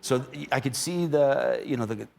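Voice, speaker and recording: A man's voice: medium pitch, moderate pace, vocal fry, a little mellow. A middle-aged man chatting casually as a talk show guest, rambling and laughing often. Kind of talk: casual chat.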